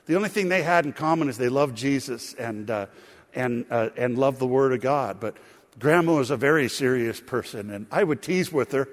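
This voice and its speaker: A man's voice: mid-range voice, normal speed. A middle-aged man preaching a sermon, telling family stories in a folksy way and calling his listeners friends. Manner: folksy storytelling, addresses congregation as friends. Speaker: pastor. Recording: long hall reverb.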